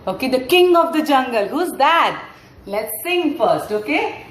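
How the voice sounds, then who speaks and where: A woman's voice: high-pitched, sing-song, unhurried, slight background noise. Playful woman leading yoga, echoey. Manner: playful, sing-song, coaxing. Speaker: mother-and-baby yoga trainer. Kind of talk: sing-along yoga class with a story. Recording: echoey room, far from the mic.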